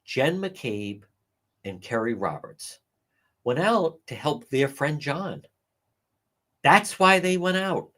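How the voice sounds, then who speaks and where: A sharp-tongued man commenting live into his stream mic, blunt and profane, sneering as he mimics the people he talks about. His voice sits a little high for a man and swings widely in pitch. He sounds animated and scornful throughout. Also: takes it slowly, long pauses. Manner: sarcastic and mocking, acts out others' quotes. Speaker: livestream commentator. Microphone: livestream microphone.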